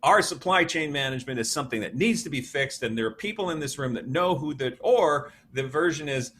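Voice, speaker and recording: A man in his fifties, a motivational speaker giving an interview, telling stories in a lively way and laughing often. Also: medium pitch, fairly quick, a little hiss or hum. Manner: animated storyteller, laughs often, acts out quotes. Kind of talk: conversational interview.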